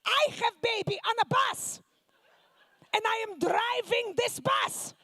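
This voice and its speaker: A woman's voice: extremely high pitch, slow pace, pushed and bright, dry recording, voice pushed up, heavily acted. Woman doing her brash Russian-accented mom. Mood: boastful. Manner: scolding, boastful, broken English. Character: brash older Soviet immigrant mother.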